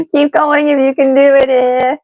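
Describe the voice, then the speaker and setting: A woman's voice: high voice, no echo, lo-fi sound. A woman teaching an unscripted guided vocal exercise, encouraging and laughing often as she draws out vowel sounds. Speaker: voice and breathing teacher.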